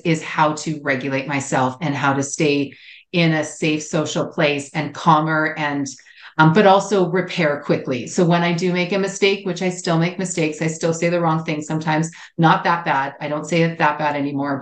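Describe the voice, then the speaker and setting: Woman, low-pitched, podcast co-host, expressive storytelling, roomy echo. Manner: expressive storyteller, many restarts. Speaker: podcast co-host, relationship psychologist. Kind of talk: casual podcast chat.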